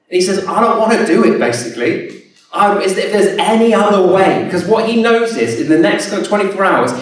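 A man preaching a sermon, telling a personal story in an earnest way that often circles back and restarts. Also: high-pitched. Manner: earnest, repetitive, many restarts. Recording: echoey hall from far off.

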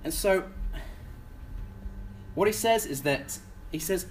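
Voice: mid-range voice, animated, slow pace, pauses often. A preacher delivering a sermon in a casual, conversational way, often repeating words and putting questions to the congregation.

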